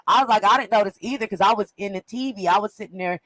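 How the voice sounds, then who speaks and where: Woman, casual gossip, lively storyteller, dry close sound. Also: mid-range voice, quick pace, few pauses, dry recording, rough recording. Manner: animated storyteller, laughs often, acts out quotes. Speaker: co-host recapping an event.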